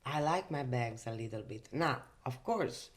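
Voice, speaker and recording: A woman's voice: a bass voice, animated, unhurried, very noisy. A woman from Italy with an Italian accent, chatting casually in a makeup vlog from her bedroom, emphatic and full of fillers. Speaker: host.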